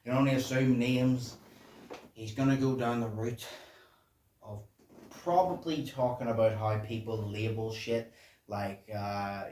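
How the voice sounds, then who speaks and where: A man hosting a reaction channel, chatting casually and profanely in a low voice while he explains song lyrics. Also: a little mellow. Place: home room at night. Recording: echoey room, distant mic, faint noise.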